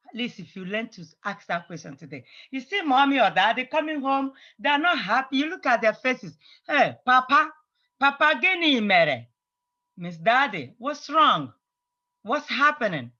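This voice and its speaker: Teacher drilling phrases, bright crisp tone, muffled online class audio. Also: mid-range voice, very animated. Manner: patient, repeats phrases slowly for drilling. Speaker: language teacher. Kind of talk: online language lesson.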